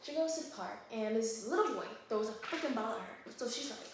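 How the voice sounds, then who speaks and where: A woman recapping a thriller book in a casual vlog, acting out the characters in animated voices and often checking in with the viewer. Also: fairly high pitch, fairly quick, background noise. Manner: animated storyteller who acts out characters. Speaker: book vlogger. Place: home kitchen while baking. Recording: very echoey room.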